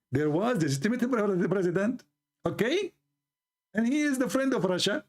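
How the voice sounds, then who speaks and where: A man's voice: high-pitched, darkish tone. A man giving argumentative commentary, telling a folk tale and mocking his opponents as he acts out their voices.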